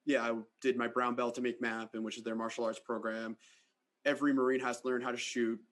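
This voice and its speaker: A man's voice: medium pitch, level tone, a little fast. A man hosting a podcast, talking in a conversational way and saying "like" often. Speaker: podcast host.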